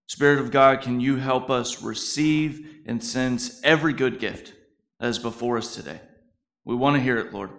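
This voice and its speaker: A man's voice: medium pitch, moderate pace, gravelly, fairly bright tone. A male pastor preaching a conversational sermon, telling stories with frequent "uh" fillers.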